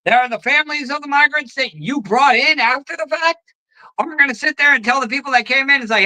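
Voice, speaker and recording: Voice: high voice, fast talker, sharp tone, low-quality recording. A host ranting about politics, heated and profane, firing off sarcastic rhetorical questions.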